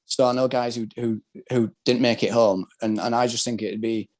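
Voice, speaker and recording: A man's voice: medium pitch, steady tone, normal speed, darkish tone. A man from Britain, a former soldier, telling his story as a podcast guest in a candid, rambling, casual way, full of filler words. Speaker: guest, former soldier and wheelchair rugby player.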